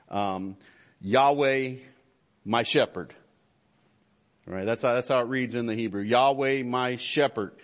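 A man preaching a sermon as pastor of a church, halting with many fillers and restarts, then building to emphatic fervor. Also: medium pitch.

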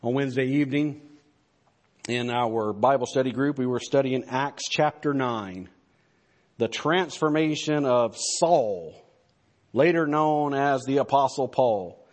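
A man's voice: medium pitch, measured pace. Male pastor, mid-range voice, earnest emphatic sermon delivery. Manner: earnest, emphatic preaching with repetitions.

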